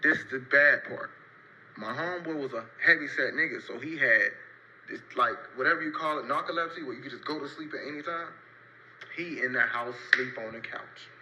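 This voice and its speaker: Bright-voiced young man telling a street story. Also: brisk, muffled recording, slight background noise. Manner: slang-heavy, loose rambling narration with repeated "so boom" beats. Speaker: storyteller in a played clip. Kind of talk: casual story time.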